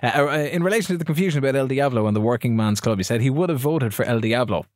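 A man hosting a podcast in casual chat, laughing often and talking in halting restarts. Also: mid-range voice, expressive, no echo. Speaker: podcast host.

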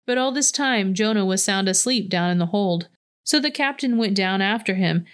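A woman reading a Bible passage aloud in a steady, measured way. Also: medium pitch, smooth. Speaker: scripture reader.

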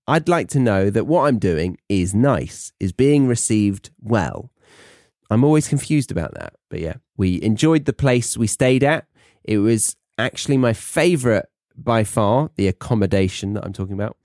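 British lad hosting an english-learner podcast, lowish voice, rambly and jokey, dead dry sound. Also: male voice, darkish tone, dry recording. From England. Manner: chatty, self-mocking, rambling asides. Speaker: podcast host. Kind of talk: casual monologue for English learners.

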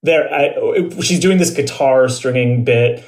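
A man's voice: medium pitch, measured pace, darkish tone. A man guesting on a podcast, chatting casually and animatedly, often repeating words and laughing. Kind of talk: casual chat.

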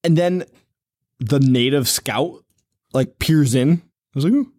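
A man's voice: mid-range voice, takes it slowly, darkish tone. A man co-hosting a podcast, joking and laughing in a casual chat about a horror movie. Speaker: podcast co-host.

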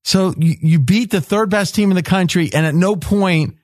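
A man hosting a sports betting roundtable, pressing the others with rapid-fire questions and often cutting in. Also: high voice, no room sound, clean studio sound. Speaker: host.

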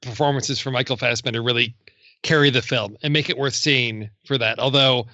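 Bright-voiced man talking films. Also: medium pitch, steady tone, a little fast, no room sound, lo-fi sound. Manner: enthusiastic, lots of "you know". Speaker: film podcast panelist. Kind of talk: casual film discussion.

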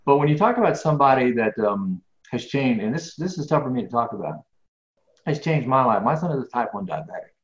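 A middle-aged business speaker, appearing as a guest, gives casual interview answers in a brisk, mid-pitched voice, earnest and rambling, repeating words and getting worked up when he rants about annoyances. The audio is roomy and somewhat dull, like a lo-fi recording in an open space.

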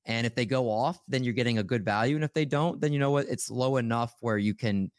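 An easygoing man co-hosting a podcast, talking in a relaxed, conversational way at a middle pitch. He is recorded close and dry, with no echo. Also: quick pace. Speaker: podcast co-host. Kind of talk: casual podcast chat.

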